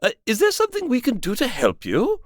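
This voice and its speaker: A man voicing a polite, fussy male warden who speaks formally, with halting starts. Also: very high voice, huge pitch swings, no echo, clean studio sound, voice pushed up, heavily acted.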